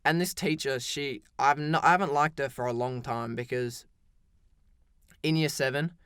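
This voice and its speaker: A man's voice: mid-range voice, moderate pace, a bit bright, smooth, no echo, studio quality. A teenage boy telling a story in a casual, rambling storytime style, full of "like" and restarts. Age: teens. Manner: rambling, heavy use of "like", frequent restarts.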